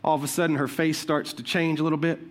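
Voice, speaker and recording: A man's voice: on the high side, flat delivery, quick pace. A man preaching a sermon, telling stories and checking that the crowd follows. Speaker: pastor.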